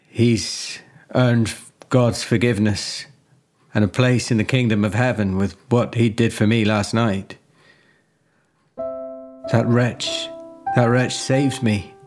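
A man's voice: on the low side, steady tone, takes it slowly, long pauses, a little mellow, faint music behind. A man voicing a devout reverend who speaks in a solemn, earnest way. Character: devout middle-aged male reverend, grateful.

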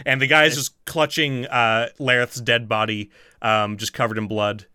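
Bright, laughing game master man. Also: medium pitch, fairly even intonation, unhurried, clear, resonant tone, dry recording, clean studio sound. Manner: laughs often, swears casually, rambling fillers. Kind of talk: narrating a tabletop game.

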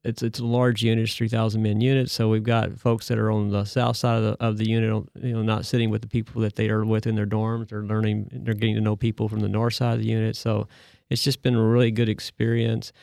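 A man serving as a deacon, answering questions in a measured, thoughtful way. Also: fairly low pitch, completely flat delivery, vocal fry, darkish tone, no room sound, studio quality. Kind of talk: conversational interview answer.

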